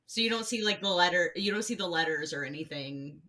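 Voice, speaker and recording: A woman with a bright, forceful voice sitting a little low for a woman. She chats casually as a podcast co-host and laughs easily between thoughts. She is heard over a remote call. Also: lively intonation, brisk. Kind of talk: casual chat. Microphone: recorded remotely over a call.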